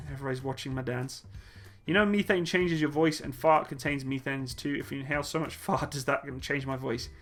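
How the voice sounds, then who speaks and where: A man's voice: mid-range voice, a little fast, a bit bright. A man hosting a casual live Q&A stream, reading chat questions aloud in a jokey, laid-back way and laughing easily. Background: faint upbeat music.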